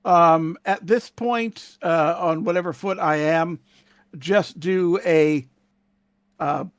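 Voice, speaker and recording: Guy playing a tabletop game, kinda high voice, steady, dry close mic. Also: slow pace, smooth, dry recording. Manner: steady, drops lots of quiet affirmations. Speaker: player.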